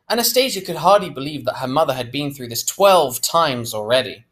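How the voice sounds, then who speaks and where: A man reading a novel aloud, breaking in now and then with chatty asides. His pitch moves in a lively, animated way through the narration. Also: brisk, hardly any pauses. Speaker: reader.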